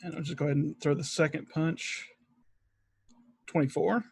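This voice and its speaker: A man's voice: fairly high pitch, steady tone, moderate pace, gravelly, slightly rough. A man playing a tabletop game, calling out his moves and dice rolls in a matter-of-fact way. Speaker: player. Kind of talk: casual tabletop game play.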